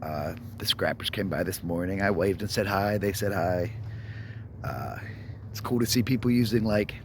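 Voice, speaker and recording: Male vlogger, very low voice, casual and reflective, soft at times, outdoor phone recording with light hiss. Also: normal speed. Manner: rambling, reflective, drops to a near whisper at times. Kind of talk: casual talking to camera. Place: outdoors behind a store at dawn. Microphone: phone held to self.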